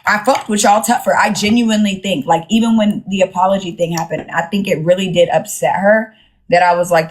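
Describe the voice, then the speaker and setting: A woman's voice: medium pitch, a little fast, low-quality recording. A woman talking candidly on a live stream, repeating points with frequent fillers. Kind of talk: casual live-stream chat.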